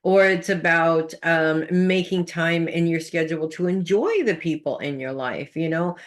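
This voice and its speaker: A woman's voice: lowish voice, measured pace. A woman psychic talking through a weekly horoscope in a chatty, rambling way, with lots of fillers and restarts. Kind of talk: casual spoken horoscope reading.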